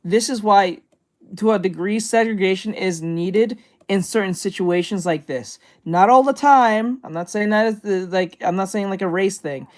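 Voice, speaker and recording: A woman's voice: mid-range voice, moderate pace, darkish tone. A woman hosting a reaction video speaks in casual commentary. She is blunt and swears freely. She rambles with frequent restarts. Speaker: reaction channel host.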